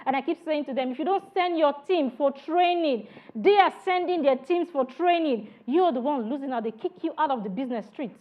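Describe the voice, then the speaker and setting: Woman trainer lecturing a class on customer service, high voice, keeps saying all right, dull lo-fi sound. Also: fairly quick, few pauses. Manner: animated, repeats "all right" often, acts out customer exchanges.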